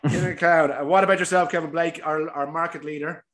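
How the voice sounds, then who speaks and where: A man's voice: on the high side, steady tone, a little fast, over a noisy crowd. A man hosting a casual horse racing tipping chat, jokey and teasing as he wraps things up.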